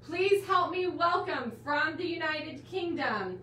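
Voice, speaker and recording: Welcoming viewers to her live quilting class stream with enthusiasm, a bubbly host gushes over them and calls them guys and my dear. She speaks slowly with lively intonation and a high, bright pitch. She sounds somewhat distant from the mic in a roomy space, with faint hiss behind her.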